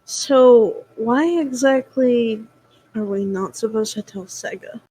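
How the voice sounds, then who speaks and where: A woman's voice: a little high, takes it slowly, dark tone, rough recording. A woman playing in an online tabletop game, wry and teasing in casual chat. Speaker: player. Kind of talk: casual role-play chat.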